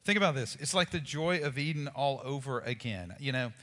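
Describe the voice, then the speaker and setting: This pastor's sermon comes in a mid-range voice at a brisk clip, echoing through a large hall. He keeps it chatty and animated, dropping offhand remarks to the people listening.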